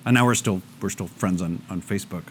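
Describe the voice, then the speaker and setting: A man's voice: deep voice, fast talker, a little hiss or hum. A man speaking to a live audience, telling stories and acting out both sides of conversations. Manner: animated storytelling, acting out both sides of dialogues.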